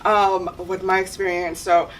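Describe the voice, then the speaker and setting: Woman, panel guest, animated storyteller; distant mic, noisy room. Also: lowish voice, measured pace. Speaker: model. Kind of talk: casual panel chat.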